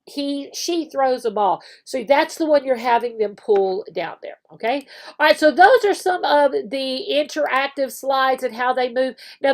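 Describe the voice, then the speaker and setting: A woman teacher casually explaining how an online classroom works, with frequent fillers and restarts. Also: high voice. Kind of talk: screen-share tutorial walkthrough.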